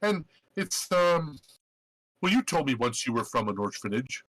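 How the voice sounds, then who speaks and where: A man's voice: mid-range voice, sing-song, measured pace, fairly bright tone, no echo, rough recording. A man voicing a friendly, eager camp leader in a live tabletop game. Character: cheerful male goblin-camp leader.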